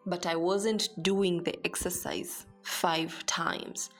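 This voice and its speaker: A woman's voice: fairly low pitch, steady tone, takes it slowly, faint music behind. Chatty, swearing young woman. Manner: chatty, profane, mixes Swahili and English. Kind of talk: casual storytelling vlog.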